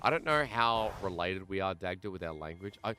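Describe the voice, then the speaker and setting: Forceful Australian play-by-play caster. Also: male voice, sits low, expressive. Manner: rapid play-calling that climbs to shouts in fights. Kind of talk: play-by-play esports commentary.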